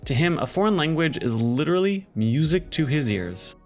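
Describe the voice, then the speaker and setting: A man giving a measured, analytical scripted narration for a video essay. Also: a little high, very animated, faint music behind.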